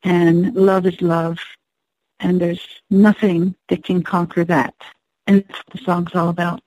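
A singer-songwriter woman from the Navajo Nation, telling an unhurried, reflective story to introduce one of her songs. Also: on the low side, level tone, dark tone, low-quality recording. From Navajo Nation, US Southwest.

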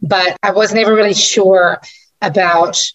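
A woman's voice: mid-range voice, steady tone, measured pace, highs cut off. A woman from New Zealand with a Kiwi accent tinged with American, a musician guest telling stories in a radio interview with frequent restarts. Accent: New Zealand with slight American twang. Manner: warm conversational storytelling with frequent restarts.

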